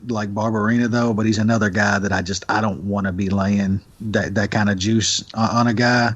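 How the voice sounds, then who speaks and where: Blunt, profane man on a dull line. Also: lowish voice. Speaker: podcast co-host. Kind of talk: casual sports betting chat. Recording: dull lo-fi sound.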